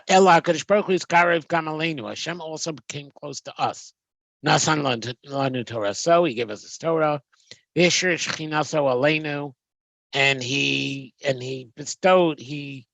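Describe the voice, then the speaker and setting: A man leads a text-study lesson, reading phrases aloud and then explaining them, often pausing on ums and restarting his sentences. His voice sits a little high for a man. The recording is dry and close, with no room sound. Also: fairly bright tone, no echo. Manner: reads Hebrew phrases then translates, hesitant with frequent ums. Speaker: Torah teacher.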